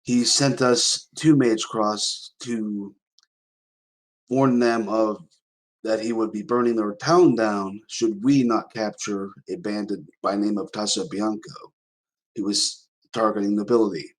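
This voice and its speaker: An earnest young raccoon knight makes his case in formal speech, played by a man. He speaks low and unhurried. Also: fairly even intonation, natural voice, poor audio. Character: young raccoon knight, noble son, honor-bound.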